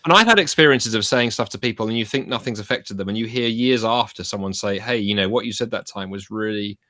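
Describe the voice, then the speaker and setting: Lively man giving advice. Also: lowish voice, quick pace, no room sound, clean studio sound. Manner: lively, self-deprecating, acts out quotes. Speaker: podcast guest, evangelism teacher. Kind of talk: casual interview chat.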